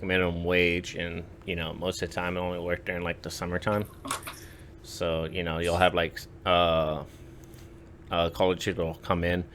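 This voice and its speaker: A man's voice: sits low, fairly bright tone, a little hiss or hum. A man in his twenties telling stories on a podcast in a casual, rambling way, full of "like" and "uh". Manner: rambling, lots of "like" and "uh" fillers. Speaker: podcast storyteller. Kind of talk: casual chat.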